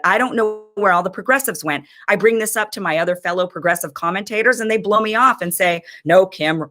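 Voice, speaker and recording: A woman's voice: medium pitch, a bit bright. A woman in her thirties giving impassioned, frustrated political commentary as host of her own show.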